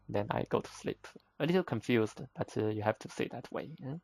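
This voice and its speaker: A man's voice: medium pitch, brisk, vocal fry, hardly any pauses, darkish tone, dry recording. A man teaching vocabulary, explaining patiently step by step in plain, slightly broken English with simple examples. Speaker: Chinese teacher.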